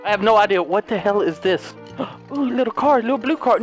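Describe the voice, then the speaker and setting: A man's voice: high-pitched, a little fast, over music. A man giving hyper, jokey playthrough commentary as a gaming YouTuber, breaking into squealing outbursts.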